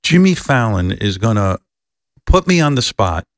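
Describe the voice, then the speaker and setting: A man's voice: lowish voice, big pitch swings, normal speed, no room sound, studio quality. A man putting on the voice of his anxious wife, who protests that she hates being fussed over. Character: fretful wife who hates fuss, woman.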